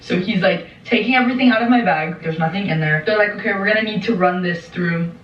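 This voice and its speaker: A woman's voice: mid-range voice, quick pace, a little hiss or hum. A young woman telling a dramatic story vlog-style, swearing a lot and mimicking the voices of others. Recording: roomy, distant, dull lo-fi sound.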